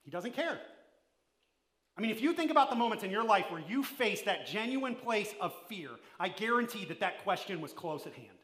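A man giving a sermon as pastor, preaching emphatically, swinging between loud and hushed and putting questions straight to his listeners. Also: high voice, very animated, normal speed, reverberant. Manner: addresses the listeners directly with questions.

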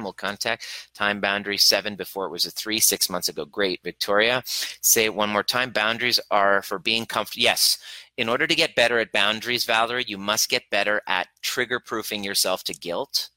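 A man's voice: lowish voice, fairly even intonation, a little fast, bright, forceful tone, clear, resonant tone, dry recording, poor audio. A man coaching a live online workshop on boundaries, blunt and swearing freely, acting out the voices in his head. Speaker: relationship coach.

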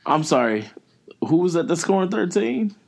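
A man's voice: high-pitched, sing-song, normal speed, gravelly. A man co-hosting a casual sports podcast, talking in a rambling, joking way with lots of fillers. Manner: joking, rambling, apologetic teasing. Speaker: podcast co-host.

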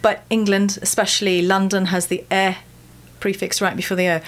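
A woman's voice: medium pitch, level tone, moderate pace, a little hiss or hum. A woman dialect coach from the United States, explaining how vowel sounds work. She speaks in a mid-range voice and sounds out each example as she teaches on a radio program.

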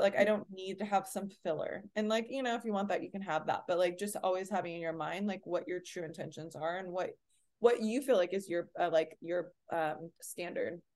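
A young woman chatting on a podcast at an ordinary pitch, telling her story with lively energy and plenty of filler "like"s. She acts out other people's lines as she goes, in a relaxed conversational way. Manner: animated storytelling, heavy on "like", acts out quotes. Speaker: podcast co-host. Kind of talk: casual chat.

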